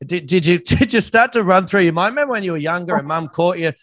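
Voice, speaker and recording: A man's voice: high-pitched, expressive, fast talker, fairly bright tone, dry recording. A young Australian man hosting a podcast, chatting casually and running a quiz in an upbeat way. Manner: upbeat, calls people mate. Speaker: podcast host.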